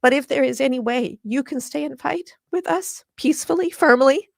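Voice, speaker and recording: A woman's voice: sits high, normal speed, gravelly, dry recording, studio quality. A woman from Washington State speaking as an interview guest, earnest and impassioned, often moved to emotion. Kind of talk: conversational interview.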